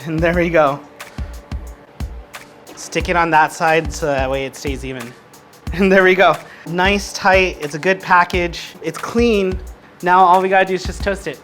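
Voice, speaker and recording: A man's voice: sits high, steady tone, unhurried, pauses often, a bit bright, soft background music. A man hosting a casual cooking vlog at home, a bit drunk, swearing loosely and ranting at his camera. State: tipsy from drinking. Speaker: cooking show host.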